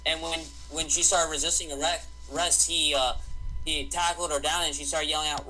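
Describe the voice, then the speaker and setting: A young man with a higher, bright voice speaks bluntly over a voice call mic. He sounds opinionated and plainly spoken. A faint background noise sits under him. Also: level tone, a little fast, rough recording. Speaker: podcast guest. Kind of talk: casual online chat.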